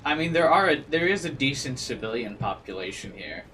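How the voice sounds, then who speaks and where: A man's voice: medium pitch, very animated, fairly quick, bright, forceful tone, far from the mic, a little hiss or hum. A man streaming a game, chatting and joking in a rambling way. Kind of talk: gaming commentary.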